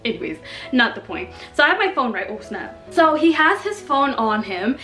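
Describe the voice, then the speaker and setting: A young woman from Kenya telling a story in a casual, animated, slangy and self-mocking way. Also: high-pitched, moderate pace. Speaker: vlogger. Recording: echoey room with faint music.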